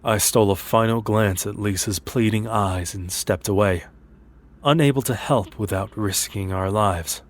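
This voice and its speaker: Male horror narrator, low voice, steady and measured scripted reading.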